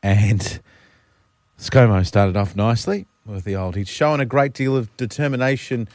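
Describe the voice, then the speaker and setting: A man's voice: lowish voice, normal speed, a little mellow, dry recording, studio quality. Wry Australian man on radio. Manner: wry, teasing. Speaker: radio co-host. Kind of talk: casual radio banter.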